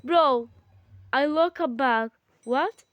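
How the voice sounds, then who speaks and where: A woman in casual gaming chat with her sibling, excitable and bickering with quick exclamations. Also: sits high, no echo. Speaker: gamer.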